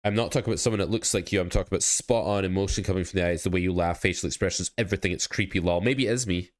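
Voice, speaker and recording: Low-voiced poker streamer. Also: male voice, very fast. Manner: chatty, self-critical, talks to chat. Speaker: poker coach streaming his play. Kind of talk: casual live-stream commentary.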